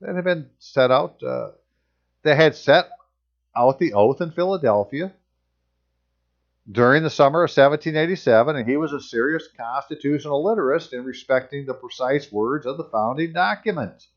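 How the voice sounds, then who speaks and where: A man's voice: mid-range voice, animated, moderate pace, lo-fi sound. A man reading passages aloud and commenting on them in casual, sarcastic asides as a channel host.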